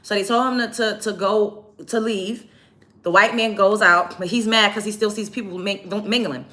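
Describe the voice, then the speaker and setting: A woman's voice: medium pitch, steady tone, normal speed, sharp tone. A woman hosting a livestream, retelling events to her chat in a heated, profane, emphatic rant. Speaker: livestream host.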